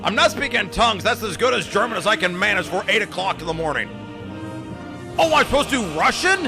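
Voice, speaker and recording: A man hosting a morning radio show, excitable and jokey with rapid asides. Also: high voice, vocal fry, music in the background. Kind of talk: casual radio chat.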